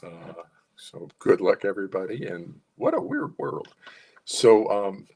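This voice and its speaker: Psychologist host, male, husky and low, loose conversational monologue with many restarts. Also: animated, measured pace, darkish tone. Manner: rambling, conversational, frequent restarts. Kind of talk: casual spoken monologue.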